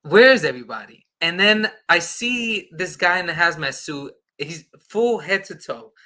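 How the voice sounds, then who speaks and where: A man, a podcast guest, telling an excited casual anecdote and acting out the dialogue. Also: high voice, measured pace.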